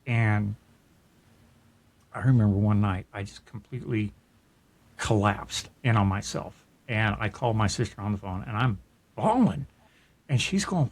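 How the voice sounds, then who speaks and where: This middle-aged man co-hosts a podcast, and his voice sits lowish, a little slow, with frequent pauses. Sharing something personal, he's earnest and reflective in a casual way, restarting sentences often and laughing softly.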